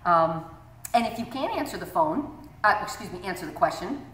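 A middle-aged woman coaching gym owners on answering the phone, perky and animated, acting out sample greetings. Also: on the low side, moderate pace, slight background noise. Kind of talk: instructional talk to camera. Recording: echoey room, mic at a distance.

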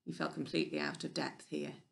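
A woman reading a children's novel aloud in a clear, even storybook narration. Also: sits low, fairly quick. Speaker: audiobook reader.

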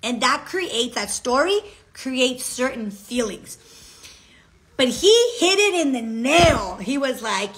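A woman talking casually to her viewers in a personal vlog, chatty and expressive, often checking in with "okay?". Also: a little high, slow pace. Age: adult with a child. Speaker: vlogger.

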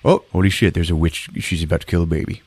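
A man's voice: low voice, fairly even intonation, fast talker, a little mellow, slightly rough, no echo, voice pushed down. A man voicing a laid-back, cocky male barbarian hero in an offhand, jokey dude-like way.

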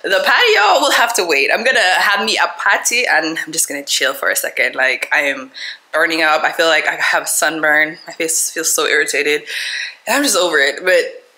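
A young woman from Jamaica, chatting excitedly and directly to her viewers in a casual vlog. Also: low-pitched, normal speed, reverberant, poor audio. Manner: excitable, talks straight to viewers. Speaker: vlogger.

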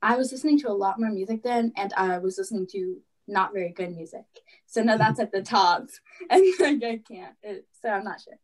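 A woman's voice: medium pitch, a little fast. A teenage girl co-hosting a student podcast, chatting casually, giggling often and trailing off with fillers. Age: teens. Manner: giggly, hesitant, many fillers. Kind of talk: casual chat.

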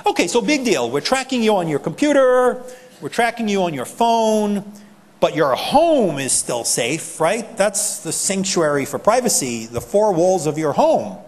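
A man with a New York accent giving a conference talk, animated and acting out people's reactions. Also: high voice, unhurried. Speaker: privacy advocate speaker. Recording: long hall reverb.

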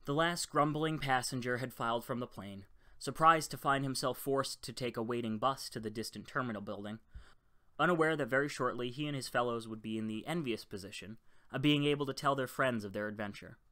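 A man reading a short-story audiobook in an even, low-key narration. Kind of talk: scripted narration.

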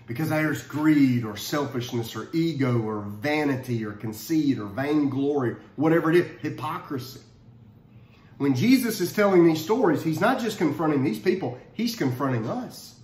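A man giving a casual Bible study talk, conversational and animated, often restarting his phrases. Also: fairly high pitch, normal speed. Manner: conversational, repeats words when restarting, animated. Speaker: Bible teacher. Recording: roomy echo.

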